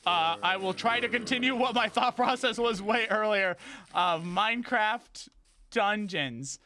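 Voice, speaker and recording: A gaming streamer talking casually through his game, excitable, narrating his moves and shouting at the enemies. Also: sits high, measured pace, a little hiss or hum. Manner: excitable, talks to game enemies, frequent exclamations. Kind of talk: casual let's play commentary.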